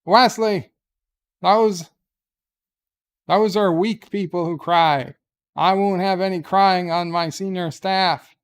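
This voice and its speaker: A man's voice: on the high side, fairly even intonation, unhurried, vocal fry, clear, resonant tone. A man voicing a stern, commanding older starship captain who scolds. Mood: scolding.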